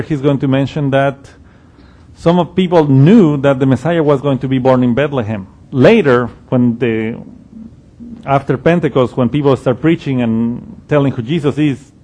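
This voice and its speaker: A man's voice: mid-range voice, dark tone. A man teaching through a Bible passage in a conversational, explanatory way. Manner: conversational, explanatory, with frequent restarts and ums.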